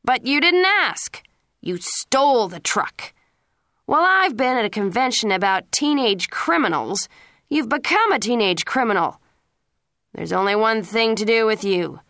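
A woman's voice: medium pitch, expressive, unhurried, bright, forceful tone, smooth, no room sound, studio quality. A woman reading the lines of a harsh police-chief father who berates his son. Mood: angry.

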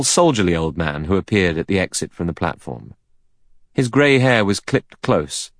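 Deep-voiced, animated male narrator, dry close read. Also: no echo. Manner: expressive, varied delivery. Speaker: audiobook narrator. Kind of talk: scripted narration.

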